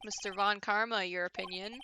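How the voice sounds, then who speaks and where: A woman's voice: medium pitch, fairly even intonation, a little fast, sharp tone, a little hiss or hum, poor audio. A woman voicing a fussy older male judge, speaking formally and mildly exasperated.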